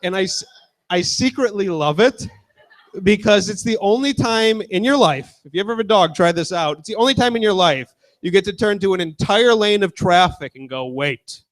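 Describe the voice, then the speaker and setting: A man's voice: sits high, expressive, brisk. A man in his twenties doing a crude, chatty stand-up set and talking with the crowd. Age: 20s. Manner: casual, crude, talks with the crowd. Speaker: stand-up comedian.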